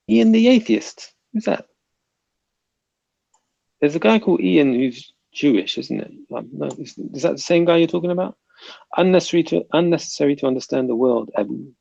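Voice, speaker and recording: A man's voice: a little high, animated, moderate pace, vocal fry, warm tone, no room sound, highs cut off. A man with a South London accent hosting a casual livestream, reading viewer comments aloud and bantering. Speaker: livestream host reading chat.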